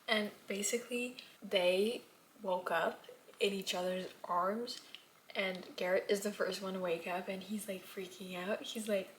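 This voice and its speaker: Young woman in her twenties, casual gushing book vlogger, mid pitch, faint noise underneath. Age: 20s. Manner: gushing, animated, drops to near-whispers at times. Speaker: booktuber reading vlogger. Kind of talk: casual chat.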